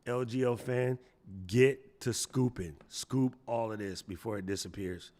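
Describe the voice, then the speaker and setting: A man's voice: medium pitch, unhurried, darkish tone. A man hosting a casual live stream, chatting playfully and answering viewers from the chat. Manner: playful, chatty, reads chat aloud, jokey voices. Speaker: livestream host.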